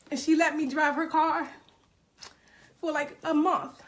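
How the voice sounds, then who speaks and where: A middle-aged woman with a slightly high voice speaks casually to her live-stream audience. She is emotional and earnest, at times close to tears, and calls her viewers "y'all". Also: flat delivery, a little slow, a bit bright. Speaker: direct-sales business mentor.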